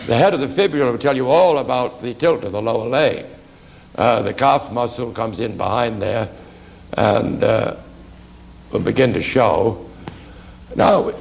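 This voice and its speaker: Gravelly man lecturing on anatomy drawing. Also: mid-range voice, rough recording. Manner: rambling, conversational, lots of fillers and "you see".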